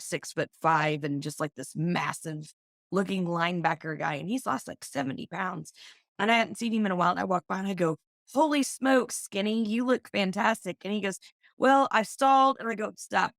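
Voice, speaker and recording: Middle-aged oklahoma lady, low gravelly voice, chatty storyteller, dry sound. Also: no room sound. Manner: lively storyteller, animated in quoted speech. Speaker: guest, business owner. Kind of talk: casual interview chat.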